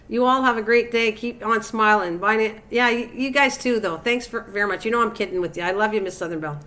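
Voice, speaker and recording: A woman's voice: fairly high pitch, quick pace, few pauses, sharp tone. An older woman hosting a cooking live stream, chatting casually and teasing her viewers by name. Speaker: cooking channel host.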